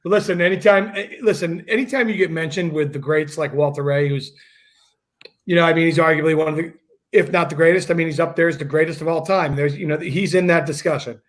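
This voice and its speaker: Man, higher voice, rambling with fillers, casual chat, video call. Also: fairly even intonation, fast talker. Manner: rambling, many fillers and restarts. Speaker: guest bowler.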